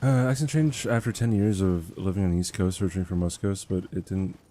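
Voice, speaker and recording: A man's voice: sits low, brisk, mellow. A young man livestreaming a game, chatting in a rambling, self-deprecating way and laughing often. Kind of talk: casual chat while gaming.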